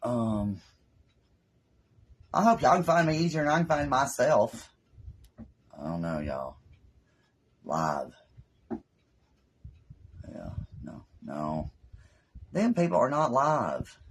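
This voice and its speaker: A woman's voice: very deep voice, very animated, drawn-out words, pauses often, a little hiss or hum, rough recording. A woman with a Southern US accent, hosting a casual craft live stream and chatting in a rambling way with her viewers from her home craft room.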